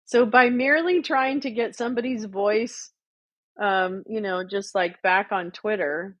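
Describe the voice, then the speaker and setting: A woman hosting a livestream, talking in blunt, profane casual chat and telling stories with animated energy. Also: medium pitch, unhurried, dry recording. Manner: blunt, sweary, animated storytelling. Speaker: livestream host. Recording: muffled lo-fi audio.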